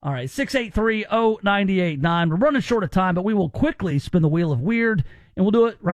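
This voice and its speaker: A man's voice: high voice, expressive, a little fast. A man hosting a radio talk show, chatting casually and giving his opinions in a conversational way.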